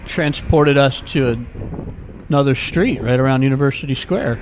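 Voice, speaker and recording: A man's voice: medium pitch, normal speed, slight background noise. A man giving a casual walking-tour narration as a vlogger, chatty and full of jokey, rambling asides, recorded outdoors on city streets.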